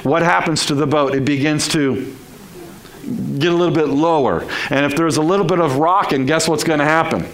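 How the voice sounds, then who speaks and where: A man's voice: a little high, normal speed, fairly bright tone, low-quality recording. A male pastor preaching a sermon in a conversational style, full of rhetorical questions to the congregation.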